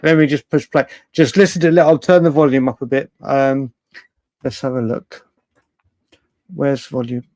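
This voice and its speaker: A man's voice: medium pitch, fairly even intonation, normal speed, long pauses, darkish tone, no room sound. A man hosting a late-night live fan stream, chatty and rambling, often laughing and swearing freely. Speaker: fan show host.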